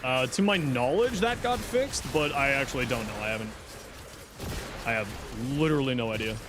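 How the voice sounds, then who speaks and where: Lively, easygoing man streaming a game. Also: mid-range voice, brisk, noisy background. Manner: reads chat questions aloud and answers them offhandedly; easygoing, chatty, jokey. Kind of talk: casual live-stream chat while gaming.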